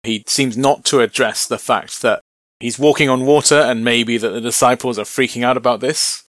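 A man's voice: medium pitch, steady tone, moderate pace, a bit bright, no room sound. Man, bible teacher, chatty verse-by-verse explanation, wry humor, dry close sound. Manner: conversational, explaining with light humor.

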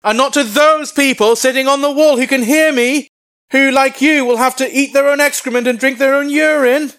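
A man voicing a brash, boastful male military commander who shouts mocking taunts loudly. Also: extremely high pitch, expressive, quick pace, no echo, pitched above the performer's own voice. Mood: taunting. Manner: loud, mocking, bragging.

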